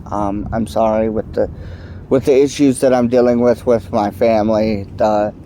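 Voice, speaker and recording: A man's voice: fairly low pitch, steady tone, normal speed, mellow, slight background noise. A man vlogging a heated political rant to camera, angry and emphatic, sounding stuffed up from allergies. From United States.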